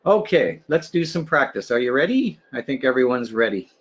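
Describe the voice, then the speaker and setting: A man runs an online test-prep webinar, talking through speaking tips one by one. His voice sits in a middle pitch range. He pads his explanations with "um" and "you know" and checks in with "right?". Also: big pitch swings, normal speed, husky. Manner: explanatory, filler-heavy with restarts, asks "right?". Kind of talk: webinar teaching.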